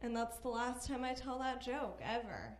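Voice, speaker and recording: A woman doing stand-up in a comedy club, with unhurried, self-aware banter with the crowd. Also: a little high, sing-song, reverberant, slight background noise. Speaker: stand-up comic. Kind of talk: stand-up set.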